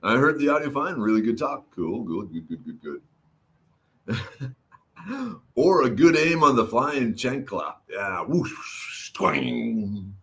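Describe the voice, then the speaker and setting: A middle-aged livestream host speaks in a medium-pitched, fairly bright, sing-song voice at a measured pace with long pauses. He casually reads comments and calls out viewers by name while his throat recovers.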